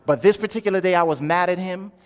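Storytelling preacher in a reverberant hall. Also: male voice, high voice, quick pace. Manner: animated storyteller, swings from hushed to loud. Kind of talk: sermon storytelling.

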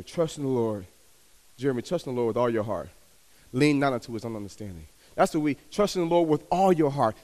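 Guy preaching, kinda high voice, chatty, gets loud then real quiet, big echoey hall. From Texas. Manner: conversational, asks the crowd to respond, builds up and drops to a hush. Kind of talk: sermon. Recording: long hall reverb.

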